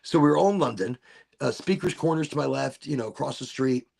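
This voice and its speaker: A man's voice: mid-range voice, brisk, gravelly, darkish tone. A man hosting a casual podcast chat, telling rambling stories and swearing freely. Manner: rambling, swears a lot, repeats himself. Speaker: podcast host.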